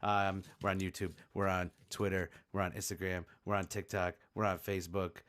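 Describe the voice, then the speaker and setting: A man's voice: low voice, moderate pace, smooth. A man co-hosting a podcast in rowdy, hyper banter, cracking jokes and swearing often. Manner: hyper and excitable. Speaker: podcast co-host.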